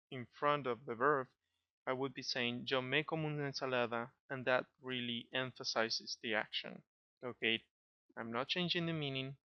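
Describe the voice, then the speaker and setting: Guy teaching grammar, patient, keeps asking okay?, smooth clear voice, dry dull sound. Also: mid-range voice, dry recording. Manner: patient, checks understanding with frequent "okay?". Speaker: Spanish teacher. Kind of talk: explanatory grammar lesson.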